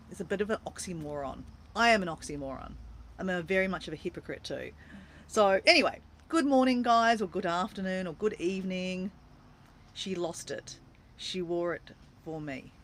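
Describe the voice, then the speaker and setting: A woman's voice: fairly low pitch, moderate pace, fairly bright tone, slight background noise. An Australian woman chatting casually on a livestream from her camper van, playful and talkative as she greets viewers. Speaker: vlogger greeting live viewers.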